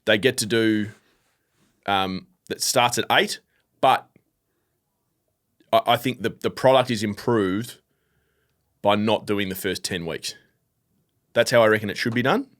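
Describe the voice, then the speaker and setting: A man with an Australian accent co-hosting a sports podcast in casual chat, opinionated and quick to laugh. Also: on the low side, a bit bright. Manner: opinionated, laughs easily, restarts often. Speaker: podcast co-host.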